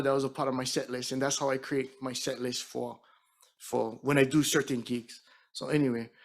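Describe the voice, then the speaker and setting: A middle-aged man from Hawaii with a Hawaiian Pidgin-tinged accent, an entertainer telling an animated story to an audience between songs. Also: on the high side. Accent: Hawaiian Pidgin-tinged English. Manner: chatty, animated storyteller who acts out quotes. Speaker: singer and entertainer.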